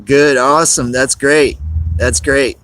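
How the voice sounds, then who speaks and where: Slow-talking man streaming outdoors in the wind. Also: medium pitch, fairly even intonation, fairly bright tone. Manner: rambling, greets chat viewers by name, laughs often. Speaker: live-streamer. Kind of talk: casual outdoor live stream chat.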